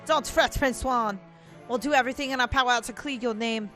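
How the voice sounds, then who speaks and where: A woman voicing an earnest, modest male bird lawyer, reading game dialogue aloud in a brisk, upbeat way. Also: fairly high pitch, fairly bright tone, faint music behind, lightly acted. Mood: eager.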